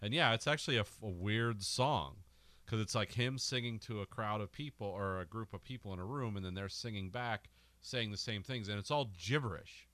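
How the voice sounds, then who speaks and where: A man co-hosting a casual movie podcast, animated and laughing as he acts out quotes. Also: fairly low pitch, fairly quick, no echo. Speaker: podcast co-host.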